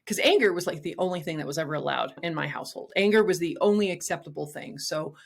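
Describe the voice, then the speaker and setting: A woman's voice: lowish voice, quick pace, creaky. A middle-aged woman talking candidly and bluntly as an interview guest, with emphatic, casual phrasing. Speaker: guest, nutrition practitioner.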